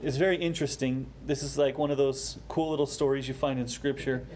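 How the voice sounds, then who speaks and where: A man preaching a sermon, explaining a scripture passage with rising emphasis and quieter, slower asides. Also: medium pitch, steady tone, a little hiss or hum. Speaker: pastor.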